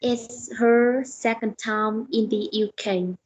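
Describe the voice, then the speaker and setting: A woman student answers in a one-to-one online English lesson. Her slightly high voice comes slowly, with hesitant, short replies and fillers. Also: steady tone.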